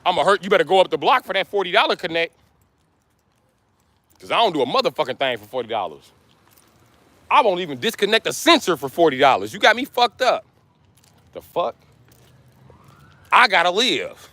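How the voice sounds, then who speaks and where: Loud, cursing American man ranting. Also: high-pitched, very animated, brisk, pauses often, no room sound. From United States. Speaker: livestreamer. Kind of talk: profane rant to a live stream.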